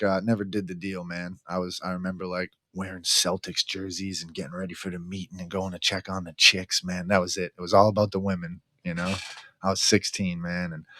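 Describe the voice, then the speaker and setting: Middle-aged man, deep monotone voice, frank, profane, casual storyteller. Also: dry recording. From Massachusetts, near Boston. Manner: frank, profane, says "man" after almost every phrase. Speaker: guest in recovery.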